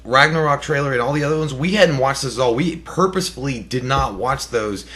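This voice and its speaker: A young man in easy podcast banter, foul-mouthed and quick to laugh. He fires back at a hater with rough, joking insults in a mid-pitched voice. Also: a bit bright. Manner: profane, laughing trash talk. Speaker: podcast co-host.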